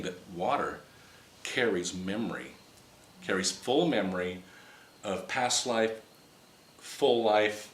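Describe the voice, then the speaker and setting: Man, low voice, casual storytelling, animated with restarts, roomy hall, faint ambience. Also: slight background noise. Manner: animated, rambling with restarts, acts out quoted dialogue. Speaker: presenter telling a personal story. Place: meeting room with a live audience.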